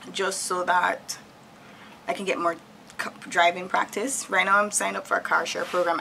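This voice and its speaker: Chatty gravel-voiced woman from Jamaica. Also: lowish voice, bright, forceful tone, slight background noise, poor audio. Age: 30s. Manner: chatty and candid, laughs often. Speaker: vlogger. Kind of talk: casual chat while decorating.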